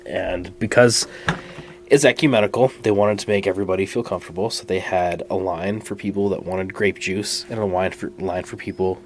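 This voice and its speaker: A low-voiced man tells stories as a podcast guest, earnest and halting, often restarting his sentences. A faint hum sits in the background. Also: fairly even intonation. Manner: earnest storyteller, halting restarts, laughs at himself. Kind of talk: casual chat.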